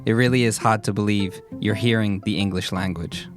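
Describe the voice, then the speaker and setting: A man's voice: lowish voice, steady tone, fairly quick, music in the background. A man co-hosting a podcast, enthusiastic and self-mocking with frequent laughs. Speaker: podcast co-host. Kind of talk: casual chat.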